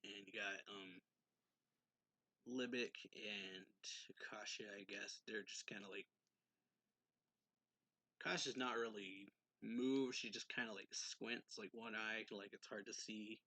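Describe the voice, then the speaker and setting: A man's voice: fairly low pitch, steady tone, slow, pauses often, pushed and bright, no room sound. A man casually recapping a manga chapter, rambling along with lots of filler words and an offhand manner.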